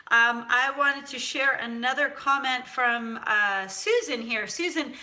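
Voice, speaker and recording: A woman from San Francisco hosts a cooking show, chatting casually in a live stream as she reads viewer comments, animated and full of fillers. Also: on the high side, measured pace. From United States (San Francisco).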